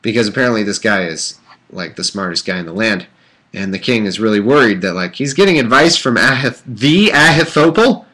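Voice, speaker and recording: His voice is fairly low, expressive, brisk, pushed and bright as he reads the Bible on a casual livestream. Irreverent joking and rambling asides, heavy with fillers and restarts, fill the gaps between passages.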